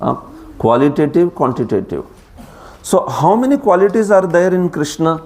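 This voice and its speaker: A man's voice: on the high side, normal speed. Man with an Indian accent teaching a class. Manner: lively, laughs often, asks the class questions. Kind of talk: class lecture. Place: class streamed live.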